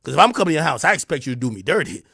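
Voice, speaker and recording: A man's voice: very animated, rapid-fire, gravelly, husky, no room sound, clean studio sound. Taunting man ranting on a livestream. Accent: New Jersey. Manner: taunting, confrontational, swings between loud and low. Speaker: livestream host. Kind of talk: heated livestream rant. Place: home streaming room.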